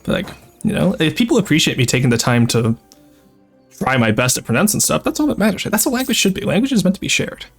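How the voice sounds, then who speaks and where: A man's voice: a little high, sing-song, fast talker, vocal fry, soft background music. A French Canadian man streaming a strategy game, rambling and chatty, swearing freely and laughing often. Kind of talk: casual live-stream chat with game commentary.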